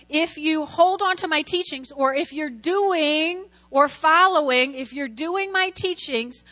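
Bright high-voiced woman preaching. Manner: lively, lots of call-and-response. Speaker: Christian teacher preaching. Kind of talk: sermon.

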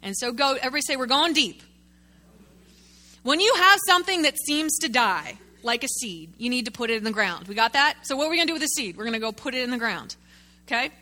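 A woman pastor preaches an animated sermon at a quick pace in a high, very bright voice. Lively and direct, she keeps calling out to the congregation, drawing them in with questions, talking with them, and using a prop.

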